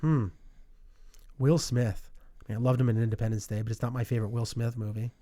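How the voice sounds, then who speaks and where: A man's voice: medium pitch, fairly even intonation, fairly quick, warm tone. A man co-hosting a movie podcast in casual, rambling, joking chat. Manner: rambling, joking, drawing blanks. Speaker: podcast co-host.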